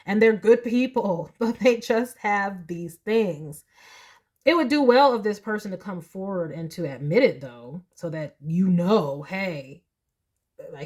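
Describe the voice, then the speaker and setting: A woman's voice: lowish voice, expressive, a little slow, darkish tone, slightly rough. A woman, reading tarot in a chatty, emotional monologue full of likes and y'alls. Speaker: tarot reader.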